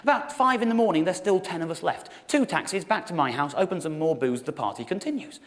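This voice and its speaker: A man in his thirties from England, doing stand-up storytelling on stage and acting out dialogue with animated, rising outbursts. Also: fast. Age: 30s. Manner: animated, acts out dialogue with rising shouty pitch. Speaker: stand-up comedian. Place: theatre stage with live audience. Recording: live hall with long reverb. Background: audience laughter.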